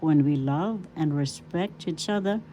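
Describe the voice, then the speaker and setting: Slow, low-voiced Filipino woman teaching. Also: warm tone, a little hiss or hum, rough recording. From Philippines. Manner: spells out words syllable by syllable, repeats each word several times. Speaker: language teacher. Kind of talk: slow spoken language lesson.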